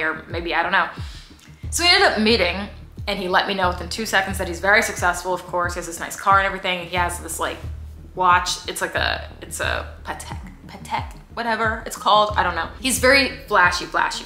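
Woman vlogger, chatty and sarcastic storyteller; bright tone, roomy echo. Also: mid-range voice, expressive, a little fast, soft background music. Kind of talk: casual storytime vlog.

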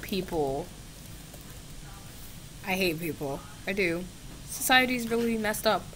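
A young woman vlogger talks slowly and drawls through sarcastic, mock-exasperated asides at her laptop. She giggles and swears freely. A faint hiss sits under her voice. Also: medium pitch, expressive, fairly bright tone. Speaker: gaming video creator. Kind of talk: casual chat with a chatbot on camera. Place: home, at a laptop.

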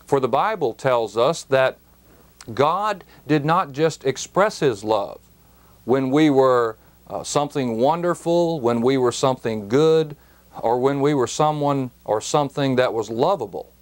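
A man teaching a Bible verse on a broadcast program, deliberate and emphatic, dwelling on key words. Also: mid-range voice, expressive.

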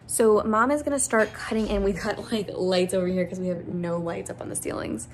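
A woman's voice: medium pitch, a little hiss or hum. A young woman chatting casually in a home vlog, rambling with fillers as she talks through moving into a house. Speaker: vlogger. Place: house being moved into.

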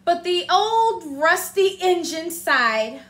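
Teacher lady reading a picture book to little kids, super high voice, slow, asks them questions. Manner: animated, asks the listeners questions. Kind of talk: reading a storybook aloud to children.

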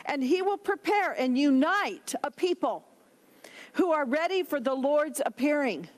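High-voiced woman preaching a sermon. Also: lively intonation, a little slow. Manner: emphatic preaching, reads scripture aloud. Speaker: pastor.

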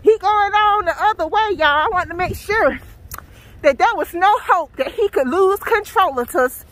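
A woman's voice: extremely high pitch, normal speed, fairly bright tone, no echo, poor audio. A Southern American woman vlogging outdoors in the snow, exclaiming dramatically and calling out to her viewers as she walks with her phone. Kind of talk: casual vlog, talking to camera.

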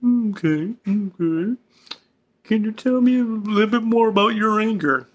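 A man's voice: high voice, measured pace, lo-fi sound. A man playing a formal, patient therapist in a comedy skit. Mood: calm. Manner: calm, formal, patient, then exasperated. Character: patient male therapist, older.

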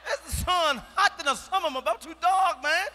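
Loud profane comedian in a big arena. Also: male voice, extremely high pitch, moderate pace, big-room sound, slight background noise. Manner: loud, profane and emphatic, with bursts of shouting. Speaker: stand-up comedian. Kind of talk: stand-up routine. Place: large arena stage.

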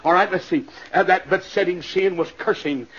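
A man preaching a revival sermon in a church, dropping to low asides and then bursting into shouted climaxes, heard on a 1970s LP recording. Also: normal speed, husky, muffled recording. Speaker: evangelist.

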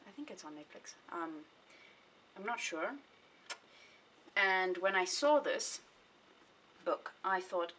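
A woman's voice: lowish voice, lively intonation, slow pace, pauses often, fairly bright tone. A young woman vlogging about her books in a rambling, chatty way, often correcting herself mid-sentence. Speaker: book vlogger. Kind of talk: casual chat. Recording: voice a bit distant from the mic, faint hiss.

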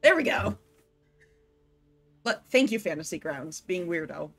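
A woman's voice: fairly low pitch, big pitch swings, a little slow, slightly rough, faint music behind. A woman player in a tabletop game, chatting casually and hesitantly with many fillers. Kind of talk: casual chat.

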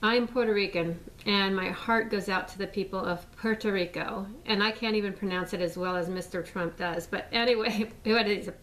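A woman's voice: medium pitch, fairly bright tone, recorded from a distance, poor audio. An American woman, a mother, speaking out in a rambling casual statement full of fillers and restarts. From United States.

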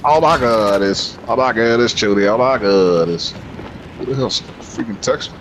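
A man's voice: on the low side, normal speed. Teasing man gaming with a friend. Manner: teasing, playful trash talk. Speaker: gamer streaming with a friend. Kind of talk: casual gaming banter. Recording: voice chat over game audio with clear noise.

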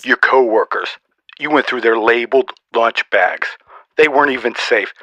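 A man's voice: medium pitch, normal speed, pushed and bright, no room sound, lo-fi sound. A man putting on a snarky old Santa. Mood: mock-stern. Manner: mock-stern roast, teasing. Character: boastful old male Santa Claus, snarky. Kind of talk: comedy podcast sketch.

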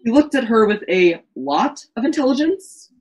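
A woman's voice: a little high, very animated, normal speed, a little mellow, dull audio, a little hiss or hum. A woman reading the narration of an amateur virtual stage play in a melodramatic way, often stumbling and restarting lines.

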